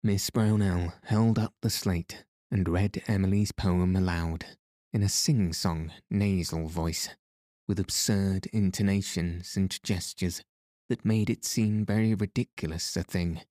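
Deep-voiced male audiobook narrator. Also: steady tone, unhurried, dark tone, no echo, clean studio sound. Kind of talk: scripted narration.

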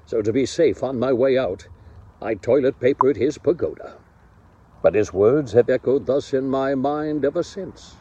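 Man, guest storyteller, grand mock-solemn delivery, swooping lively pitch, dull lo-fi recording. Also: a little slow, husky, dry recording. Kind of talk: theatrical storytelling message.

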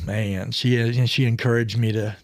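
A man's voice: medium pitch, fairly even intonation, moderate pace. A man in his forties, a podcast guest, telling his story in a casual, rambling way and often laughing mid-story, recorded in a studio.

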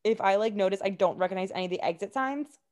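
A woman co-hosting a casual podcast, chatty and exasperated, with her sentences full of "like" and "um". She talks at an ordinary middle pitch and tells a story in a loose, conversational way. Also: fast talker, darkish tone. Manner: chatty, heavy on fillers like "like" and "um"; openly exasperated about the subject. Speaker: podcast co-host. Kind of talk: casual true-crime podcast chat.

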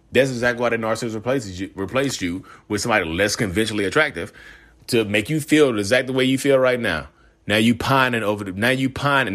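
Low-voiced man ranting casually. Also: fairly bright tone. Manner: rambling, repeats himself, acts out quoted voices. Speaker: self-aware narcissist vlogger. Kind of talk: ranting casual monologue to camera.

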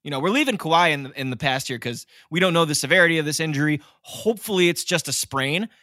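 A man hosting a casual sports podcast, animated and opinionated, laughing often. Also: on the high side, quick pace, no room sound, clean studio sound. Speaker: podcast host.

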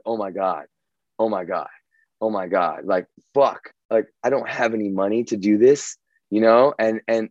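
A man's voice: medium pitch, no echo, highs cut off. A man casually telling a long story, rambling and swearing, with many restarts. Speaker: guest telling his story.

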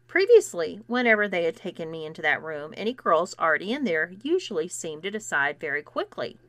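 A woman reading a story aloud in scripted narration, acting out the characters' dialogue with shifts in pitch and loudness. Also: very animated, fairly quick, no room sound. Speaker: erotica podcast reader.

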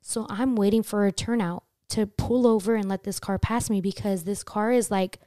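A young woman hosting a casual chat, telling a story in an animated way, swearing freely and jumping high in pitch when she acts out her screams. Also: normal speed, no echo, clean studio sound. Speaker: podcast host telling a story.

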